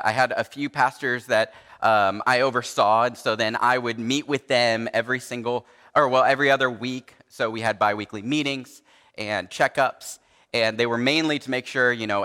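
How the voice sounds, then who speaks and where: Bright-voiced man preaching in a hall. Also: medium pitch. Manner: conversational, uses many fillers and acts out quoted dialogue. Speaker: pastor. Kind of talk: sermon.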